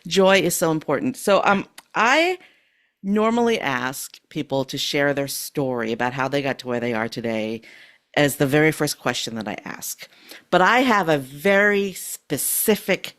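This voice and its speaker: A woman's voice: low-pitched, animated, normal speed. A woman hosting a podcast interview, welcoming her guest and asking questions in an upbeat way. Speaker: podcast host.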